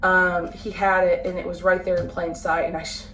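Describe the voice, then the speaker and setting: A woman in her late twenties, a family vlogger talking casually to the camera at home, halting and full of fillers and restarts. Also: lowish voice, little pitch movement, fairly bright tone. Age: late 20s. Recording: roomy, from a distance, faint background noise.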